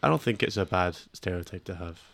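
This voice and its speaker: Fast-talking gravelly Scottish man. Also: low-pitched, expressive, a bit bright, dry recording. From Scotland. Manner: rambling, repeats words and restarts often. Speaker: radio host. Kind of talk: casual chat.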